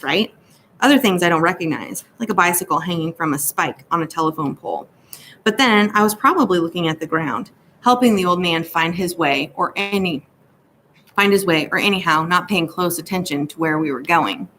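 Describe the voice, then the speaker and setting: A woman narrates a novel in a steady, even storytelling manner. Her voice sits on the lower side for a woman, with a faint hiss behind it. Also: normal speed. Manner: steady storytelling in a first-person boy's voice. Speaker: audiobook narrator. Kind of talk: scripted narration.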